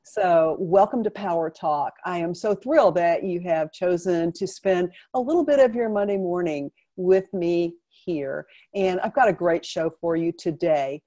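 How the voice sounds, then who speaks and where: Woman talk show host, mellow tone, effusive and chatty. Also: lowish voice, a little slow, hardly any pauses. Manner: effusive, laughs often. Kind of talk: casual live interview.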